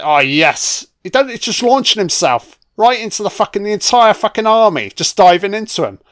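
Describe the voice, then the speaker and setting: A man giving a casual film commentary, reacting excitedly to the action and swearing freely. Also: high voice, normal speed, few pauses.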